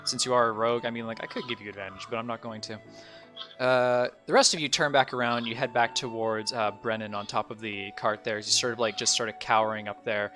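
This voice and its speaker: A man's voice: medium pitch, steady tone, a little fast, pushed and bright, soft background music. A man narrating a tabletop game as dungeon master, rambling with many fillers and bursts of laughter.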